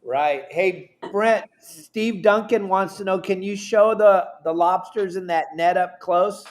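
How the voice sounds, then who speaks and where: A man's voice: high-pitched, slow pace. Easygoing man hosting a livestream. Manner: easygoing, relays viewer questions. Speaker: livestream host. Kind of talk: casual chat.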